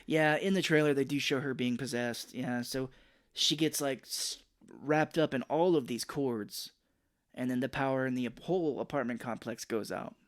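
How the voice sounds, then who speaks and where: Casting: man, podcast co-host, chatty movie recap, mid-range voice, breaks into shrill character bits. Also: moderate pace. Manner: animated retelling, jumps into high-pitched voices for characters. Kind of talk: casual movie recap chat.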